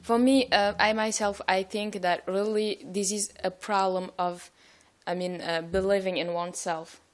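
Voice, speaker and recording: A woman's voice: mid-range voice, steady tone, moderate pace. A woman, speaking as a panel guest in a reflective way with hesitant fillers. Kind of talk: panel discussion.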